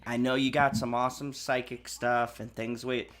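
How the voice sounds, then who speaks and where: A man hosting a casual livestream chat, reading headlines haltingly and laughing often. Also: mid-range voice, flat delivery, fairly bright tone. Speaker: livestream host.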